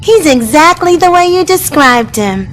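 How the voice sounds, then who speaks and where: A gentle, well-spoken young cartoon girl, sweet and polite, with a high voice and an unhurried way of talking. Faint music runs under her lines. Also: expressive, low-quality recording. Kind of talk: animated sitcom voice acting.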